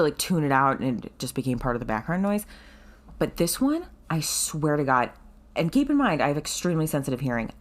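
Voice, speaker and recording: A woman in her thirties co-hosting a book podcast, telling stories in casual chat with frequent swearing and laughter. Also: deep voice. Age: 30s. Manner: animated, swearing, laughing storyteller. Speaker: podcast co-host.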